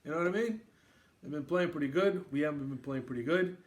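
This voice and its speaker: Man, from queens, podcast host, joking around, fairly high voice. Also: fast. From Queens, New York. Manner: jokey, toasting and riffing. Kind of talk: casual sports chat.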